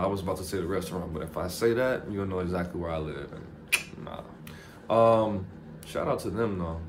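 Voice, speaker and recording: A man vlogging a casual motivational monologue, animated and jokey, swearing freely and poking fun at himself. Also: on the low side, a little hiss or hum.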